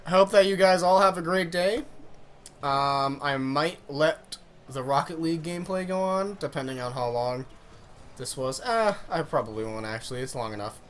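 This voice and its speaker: A man's voice: a little high, moderate pace, slight background noise. A young man casually telling a funny story on his vlog, rambling and swearing as he goes. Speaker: vlogger.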